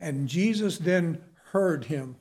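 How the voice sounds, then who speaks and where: A man's voice: fairly high pitch, lively intonation, slow pace, a little mellow. A man preaching a sermon in an earnest, emphatic way, often addressing his listeners as folks.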